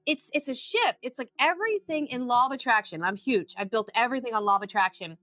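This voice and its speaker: Bright-voiced woman telling lively stories. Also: on the high side, fast talker, no room sound, soft background music. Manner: animated storytelling, acts out her own inner voice, swears freely. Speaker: addiction recovery expert and podcast guest. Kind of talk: casual podcast interview.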